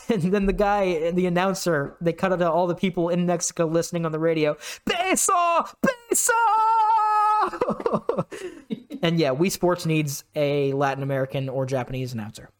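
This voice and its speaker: A young man co-hosting a casual podcast chat, animated and quick to laugh as he tells stories. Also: on the high side, clear, resonant tone. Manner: animated, laughs often, bursts into shouted announcer impressions. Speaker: podcast co-host.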